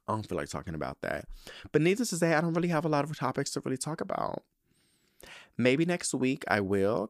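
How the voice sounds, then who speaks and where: A man hosts his podcast in loose, casual chat, full of sass and slang. His pitch swings widely from high squeals to low drops. The sound is close and dry, with no room around it. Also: no room sound. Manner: sassy, animated, heavy slang. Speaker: podcast host.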